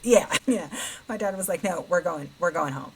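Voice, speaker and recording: A woman's voice: on the low side, lively intonation, moderate pace, a little hiss or hum, rough recording. A middle-aged woman co-hosting a podcast, telling a long story in casual chat, quoting others and laughing as she goes. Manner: retells a story with quoted voices, laughing often. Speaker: podcast co-host.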